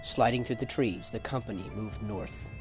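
A man narrating a fantasy novel chapter in a measured, dramatic storytelling manner. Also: lowish voice, over music. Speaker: audiobook narrator.

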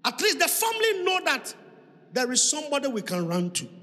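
A man preaching a fervent sermon as a bishop, shouting and half-singing his lines. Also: extremely high pitch, wildly swooping pitch, brisk. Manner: shouting, impassioned, sing-song preaching. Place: church hall. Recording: reverberant hall.

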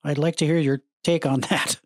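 Low-voiced woman, dry and teasing. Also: fairly even intonation, moderate pace, dry recording. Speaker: podcast co-host. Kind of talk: casual film discussion.

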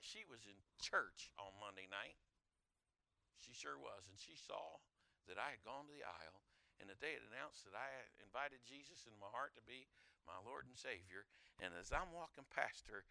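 A middle-aged man preaching a sermon, telling a personal story, swinging from loud storytelling to hushed intensity. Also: mid-range voice, gravelly, dry recording. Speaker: pastor.

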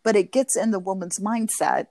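A woman's voice: mid-range voice, moderate pace, no room sound. A woman therapist talking animatedly in a podcast interview, acting out what spouses say. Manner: animated, acts out spouses' lines in quoted voices. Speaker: marriage and family therapist, guest.

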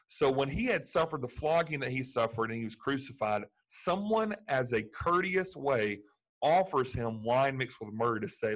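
Guy preaching a sermon, earnest, mid-pitched voice, gets really emphatic at points. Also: animated, moderate pace, fairly bright tone, low-quality recording. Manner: earnest, building to emphatic peaks. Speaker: pastor.

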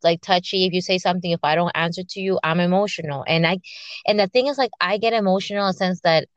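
Candid, chatty woman host, low voice, dry and slightly lo-fi. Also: quick pace, dry recording. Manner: candid, chatty, animated storytelling. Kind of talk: casual podcast conversation. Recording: slightly dull lo-fi audio.

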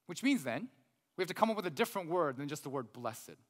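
A man in his thirties preaching a sermon as pastor, animated, with joking asides to the congregation. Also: on the high side, fast. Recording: reverberant hall.

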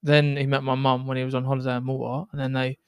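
A man's voice: medium pitch, completely flat delivery, fast talker, clean tone, no room sound, clean studio sound. A young man co-hosting a podcast, bantering casually, laughing often and swearing freely. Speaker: podcast co-host.

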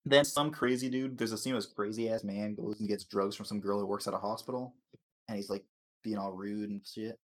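A man's voice: on the low side, fairly even intonation, fairly quick. A man hosting a casual chat, rambling and swearing through a TV episode recap, stumbling over words and laughing.

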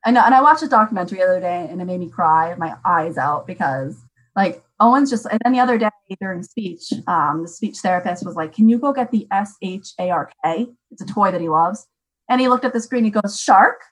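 A young woman talking casually as a parent, chatty and animated with many fillers. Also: mid-range voice, fast talker, rough recording. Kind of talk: casual chat.

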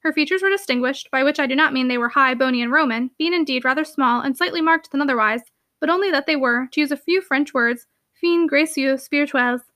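A woman narrating a classic novel aloud with a brisk, expressive reading. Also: high voice, no echo, clean studio sound. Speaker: audiobook narrator.

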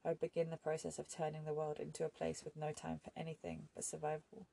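A woman reading an audiobook voices a calm, resigned young man who speaks softly and never raises his voice. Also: low-pitched, fast talker, creaky, heavily acted. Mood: sorrowful. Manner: soft-spoken, never raises voice.

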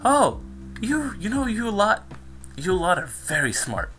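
A man voicing an old German neighbor, quoting him slowly in a raised voice with a hint of a thick German accent. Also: high-pitched, huge pitch swings, bright, forceful tone, soft background music, voice pushed up, exaggerated voice. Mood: patronizing.

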